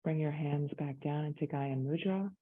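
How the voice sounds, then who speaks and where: A woman yoga instructor giving gentle, inviting guided meditation instructions. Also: deep voice, moderate pace. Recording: tinny phone-like sound.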